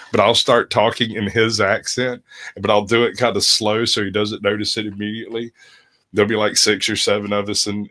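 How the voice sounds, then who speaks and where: A man in casual podcast chat, joking around and telling stories with frequent pauses and fillers. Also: fairly low pitch, a bit bright. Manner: jokey, storytelling, frequent uh fillers.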